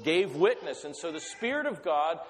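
A man's voice: on the high side, very animated, normal speed, slight background noise. A man preaching a sermon, telling Bible stories in a conversational way and acting out the voices of the characters. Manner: storytelling with acted voices, conversational. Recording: long reverb of a hall.

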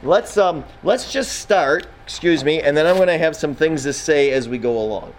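A man's voice: a little high, normal speed, slight background noise, low-quality recording. A man teaching a Bible class in a classroom, talking casually, quizzing his students and often restarting his sentences.

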